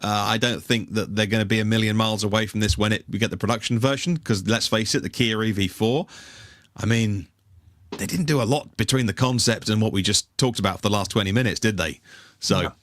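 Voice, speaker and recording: A man's voice: fairly low pitch, fairly quick, a bit bright, no echo. A man co-hosting a podcast, chatting casually and rambling with many fillers and restarts. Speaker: podcast co-host. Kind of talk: casual chat.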